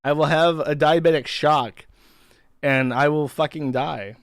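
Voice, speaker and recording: A man's voice: a little high, fairly even intonation, measured pace, no echo, studio quality. A man hosting a live stream, reacting to a clip and to chat in a profane, incredulous, mocking way. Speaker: streamer host. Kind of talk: casual live-stream commentary.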